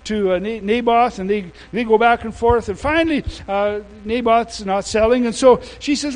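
A man's voice: very high voice, low-quality recording. A man preaching a sermon, retelling a story in a folksy, slangy way and often restarting his sentences. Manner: informal storytelling with casual slang; halting, with many restarts.

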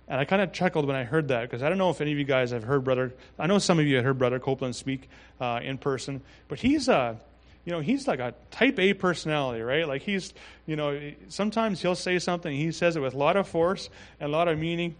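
A pastor preaching a sermon in a relaxed, conversational way, reading scripture and adding asides. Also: male voice, on the high side, fast talker. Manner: conversational, with frequent restarts and asides.

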